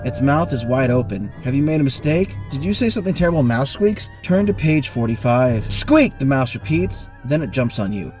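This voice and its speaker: A man hosting an online game, reading a choose-your-own-adventure book aloud with animated bursts of speed and sudden pitch jumps. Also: a little fast, hardly any pauses, soft background music. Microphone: online voice call.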